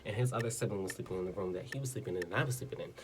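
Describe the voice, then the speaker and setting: Fast-talking young man telling a story. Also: low-pitched, a little hiss or hum. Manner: chatty, filler-heavy, playful and blunt. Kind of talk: casual storytime. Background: background music.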